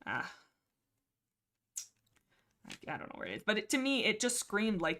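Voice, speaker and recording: A woman's voice: medium pitch, wildly swooping pitch, normal speed, bright, forceful tone. A woman hosting a livestream, chatting casually and rambling through a book discussion with many fillers and restarts. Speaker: livestream host.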